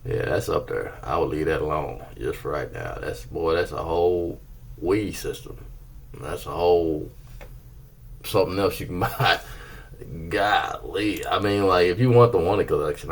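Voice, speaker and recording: Laid-back male host, very deep husky voice, casual price rundown with silly asides. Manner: laid-back, playful, breaks into silly singsong. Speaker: channel host reviewing card prices.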